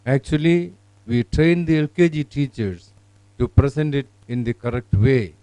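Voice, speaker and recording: A man presenting teaching software, talking in a halting way with many fillers. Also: medium pitch, clean tone, no room sound, rough recording. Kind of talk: product demonstration.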